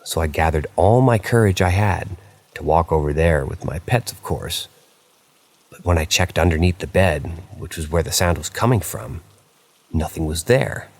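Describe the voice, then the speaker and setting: This narrator, a man with a very deep voice, reads horror stories at normal speed with noticeable vocal fry. He talks casually, as if chatting, and sometimes interrupts himself with offhand comments.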